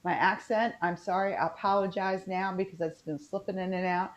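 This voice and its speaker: A woman's voice: medium pitch, steady tone, fairly quick, lo-fi sound. A woman with a West Virginian accent, co-hosting a casual chat over a video call, rambling with frequent ums. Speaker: co-host.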